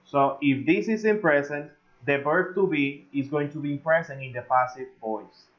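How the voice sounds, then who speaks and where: A man whose first language is Spanish, teaching English grammar in an online lesson, slow and full of "eh" fillers, drawing out his example sentences. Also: on the high side. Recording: slightly dull lo-fi audio.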